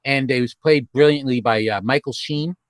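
A man leads a loose group chat as its host, circling his point with fillers and false starts. His voice sits at a middling pitch. It sounds dry and close, with little room to it. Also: no echo. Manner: rambling, halting with many restarts and fillers. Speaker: podcast host. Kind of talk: casual group chat over video call.

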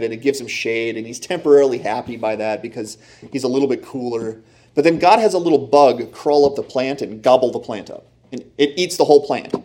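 A man preaching a sermon in a lively, animated way, often acting out the voices in the story he tells. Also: medium pitch. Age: young adult or middle-aged, father of children. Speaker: pastor.

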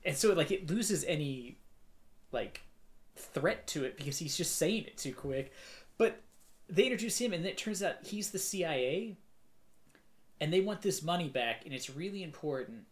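A man's voice: a little high, expressive, moderate pace. A man co-hosting a casual movie review podcast, rambling with lots of fillers and mocking put-on quotes. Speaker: podcast co-host.

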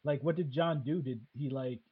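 A man's voice: medium pitch, moderate pace, husky, phone-quality sound. A man hosting a casual chat, hesitant and full of fillers and restarts. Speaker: podcast host.

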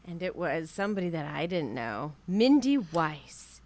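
Woman co-host, casual recap, low voice with wide swings, chatty and expressive. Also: measured pace. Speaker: podcast co-host.

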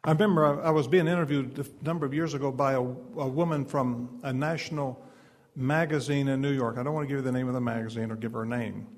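Man, gravelly voice, somewhat high pitch, storytelling preacher, echoing hall. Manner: storytelling, quoting dialogue, building to emphatic preaching. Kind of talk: speech at a fundraising event.

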